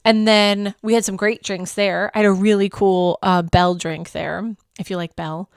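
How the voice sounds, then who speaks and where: A woman hosting a travel vlog, telling her trip story in a chatty, animated way, poking fun at herself and laughing often. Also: medium pitch, moderate pace, creaky, clean tone, dry recording, studio quality. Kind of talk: casual storytelling review.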